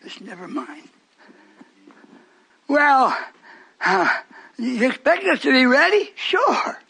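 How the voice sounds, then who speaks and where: Older man, fervent radio sermon, rambling, very high-pitched, husky. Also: very animated, slow, bright, forceful tone. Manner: fervent, rambling, tells stories to the congregation. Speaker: preacher. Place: church hall with a congregation.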